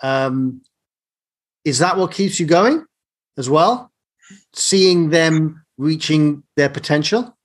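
Slow, thoughtful male podcast host. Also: fairly high pitch, expressive. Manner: thoughtful, drawn-out phrasing, asks tag questions. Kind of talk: reflective interview chat.

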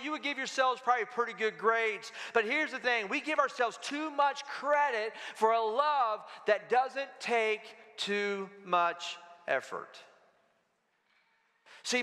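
A man preaching a sermon as pastor, telling stories with humor and lively delivery. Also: sits high, in a large hall. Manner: animated storytelling with humor. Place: church sanctuary.

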